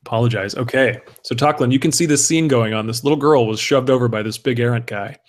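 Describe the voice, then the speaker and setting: Dude gm narrating a tabletop game, lots of uh's, ordinary pitch. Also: male voice, fast. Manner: hesitant, many fillers. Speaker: game master.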